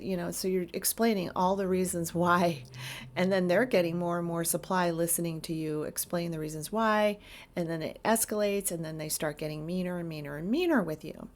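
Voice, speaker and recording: Woman therapist giving advice to camera, kinda low voice, earnest, lists things off emphatically. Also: brisk, darkish tone. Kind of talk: direct-to-camera advice talk.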